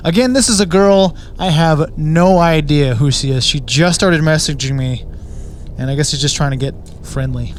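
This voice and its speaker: Male host, casual storyteller; hesitant delivery, fillers, slightly high-pitched. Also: normal speed, slight background noise. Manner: hesitant, lots of uh, chuckles at himself. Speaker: channel host.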